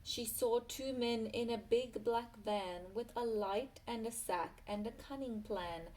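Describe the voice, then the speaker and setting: A woman reads a children's rhyming picture book aloud with a gentle sing-song lilt. Her delivery is unhurried and her voice sits a little high. Now and then she breaks off for a quick aside to whoever is listening. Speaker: storyteller.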